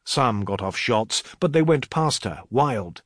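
A man narrating an audiobook in a dramatic, expressive reading. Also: medium pitch, slow pace, no echo, studio quality.

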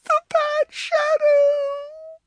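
A woman's voice: very high-pitched, big pitch swings, slow, creaky, a bit bright, no echo, voice pushed up, exaggerated voice. A man narrating a storybook voices a frightened little girl who is crying and wailing. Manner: wailing, pleading.

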